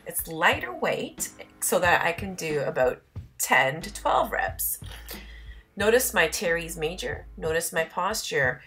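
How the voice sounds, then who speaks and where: Lower-voiced woman narrating a workout. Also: sharp tone. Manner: instructional, explains muscles in detail. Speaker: fitness vlogger. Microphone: voice-over.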